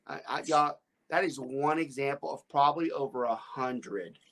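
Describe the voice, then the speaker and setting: He speaks at normal speed in a medium-pitched, fairly bright voice. The man is a real estate broker and podcast host who rambles through stories, stammering, restarting, and frequently laughing.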